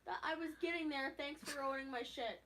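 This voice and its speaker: A woman's voice: high voice, a little fast, fairly bright tone. A woman in a casual vlog who speaks earnestly and tries to reassure her sibling. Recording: distant voice with faint background noise.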